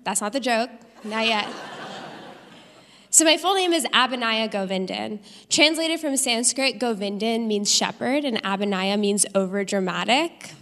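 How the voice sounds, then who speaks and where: A young adult woman doing a stand-up comedy set on a theater stage, landing punchlines deadpan in an animated delivery. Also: a little high, unhurried, long reverb tail. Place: theater stage with live audience.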